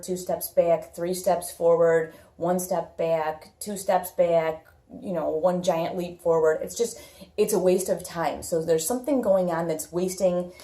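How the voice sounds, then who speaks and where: A woman's voice: fairly low pitch, dark tone, reverberant. A woman giving a casual tarot reading, blunt and repetitive, thinking aloud with lots of fillers. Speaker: tarot reader.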